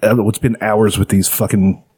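A man's voice: lowish voice, level tone, moderate pace, mellow, slightly rough. A man in casual chat who tells stories and teases his friends dryly. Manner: dry teasing, storytelling.

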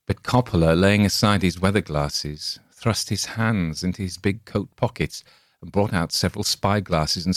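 A man reading a classic tale aloud as scripted narration, measured and expressive. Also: low-pitched, dry recording, clean studio sound. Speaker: audiobook reader.

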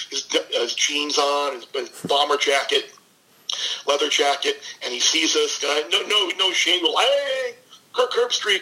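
Bright-voiced man telling animated stories. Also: mid-range voice, poor audio. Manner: animated storyteller, quick asides. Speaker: guest sports analyst. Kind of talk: casual podcast interview.

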